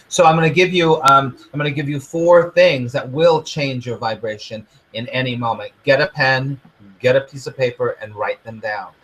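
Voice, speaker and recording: Giving a heartfelt motivational lesson full of repetition, a male spiritual teacher and coach frequently drops to a near-whisper. He speaks at a medium pitch, and the low-quality recording has a little hiss or hum.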